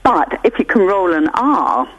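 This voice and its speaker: A woman's voice: mid-range voice, very animated, a little slow, fairly bright tone, husky, dull audio. A woman, a voice coach, patiently explaining breathing exercises over the phone on a radio show. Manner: instructive, patient, laughs easily.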